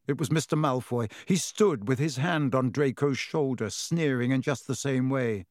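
A man reading a storybook aloud with expressive narration. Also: mid-range voice, moderate pace, hardly any pauses, no echo, clean studio sound. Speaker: audiobook narrator. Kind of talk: scripted narration.

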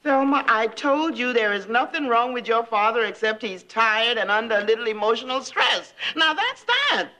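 A woman's voice: on the high side, very animated, normal speed, few pauses, bright, forceful tone, poor audio. A middle-aged woman playing a firm, dryly teasing mother in a sitcom family.

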